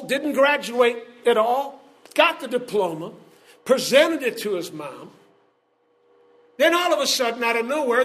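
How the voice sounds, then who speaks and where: A preacher delivering a sermon with emphatic storytelling, building into shouted calls to the congregation. His voice is very high, and his tone is bright and forceful.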